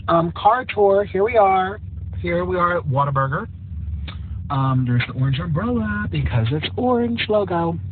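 A man's voice: high voice, expressive, normal speed, phone-quality sound, slight background noise. A man chatting in a campy, mock-haughty way while vlogging from his parked car, recorded on a phone. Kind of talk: casual car vlog. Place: parked car in a drive-thru line. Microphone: phone camera.

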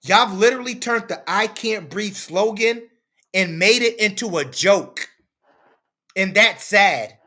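A man's voice: high voice, unhurried, pushed and bright. A man hosting a commentary channel, lecturing his audience in a preachy, repetitive way. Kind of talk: opinion commentary over footage.

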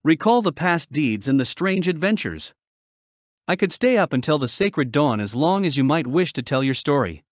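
A man's voice: fairly high pitch, very animated, moderate pace, no echo, clean studio sound. A man voicing a proud, generous sea king in an audiobook reading, speaking in a commanding, courtly way.

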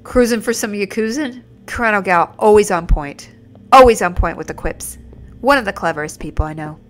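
A woman's voice: mid-range voice, a little fast, faint music behind. A woman streaming a video game, joking playfully and chatting with her viewers. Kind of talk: casual live-stream commentary.

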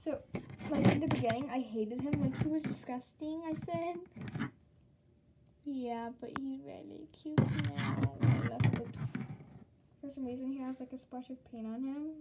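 High-voiced rambling girl over loud hiss. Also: unhurried. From Southern United States. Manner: rambling, giggly, lots of "um" and "like". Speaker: toy collector vlogger. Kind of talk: casual show-and-tell tour.

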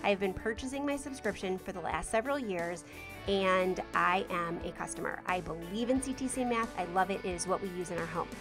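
A woman's voice: medium pitch, expressive, fairly quick. A woman podcast host doing an enthusiastic sponsor read. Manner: upbeat, enthusiastic endorsement. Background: clear music.

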